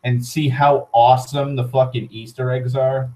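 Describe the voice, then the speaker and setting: A man's voice: mid-range voice, flat delivery, moderate pace, dark tone, low-quality recording. A young man giving let's play commentary, muttering and swearing as he plays. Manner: swearing, muttering reactions to the game. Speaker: gaming channel host.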